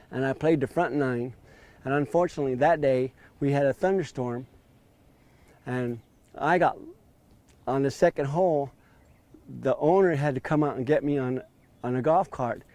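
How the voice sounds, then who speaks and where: A man's voice: medium pitch, darkish tone. A man in his fifties telling his story in an interview, acting out quoted dialogue with a raised voice. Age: 50s.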